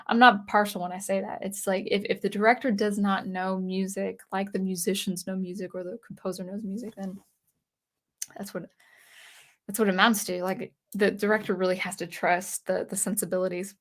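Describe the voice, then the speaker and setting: A woman's voice: mid-range voice, flat delivery, fairly quick, a bit bright. A woman hosting a casual livestream for a music channel, reading viewer comments and rambling with frequent restarts.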